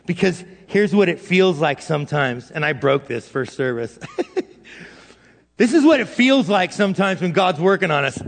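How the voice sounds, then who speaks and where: A middle-aged male pastor giving a sermon in a casual, self-deprecating way, swinging between loud and hushed. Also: sits high, expressive, moderate pace, creaky, slight background noise. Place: church hall. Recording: long hall reverb.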